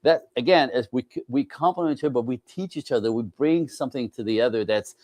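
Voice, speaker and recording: Male coach guest, mid pitch, emphatic, keeps asking "right?", close dry mic. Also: fast talker, darkish tone, no room sound. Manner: emphatic, repeats "right?", slips into mimicking voices. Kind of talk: animated interview talk.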